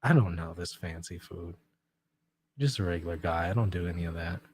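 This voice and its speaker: A man hosting a livestream, reading out viewer comments in relaxed, self-mocking chat and laughing often. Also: low voice, fairly quick, slight background noise. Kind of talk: casual chat.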